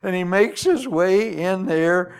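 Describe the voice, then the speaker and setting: A man's voice: on the high side, expressive, measured pace. A man preaching a sermon, telling the story in a folksy, joking way.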